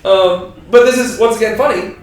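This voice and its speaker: A man teaching scripture to a small group, playful and quick to laugh, often tossing in a "right?". His voice is fairly high. It sounds like it was recorded from across a very echoey room. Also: distant mic. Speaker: Bible study teacher. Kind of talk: joking Bible study teaching.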